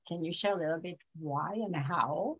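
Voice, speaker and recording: Bubbly, excitable woman podcast host. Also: fairly low pitch, moderate pace, slightly rough. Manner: bubbly, excitable, laughs often. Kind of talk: casual interview chat.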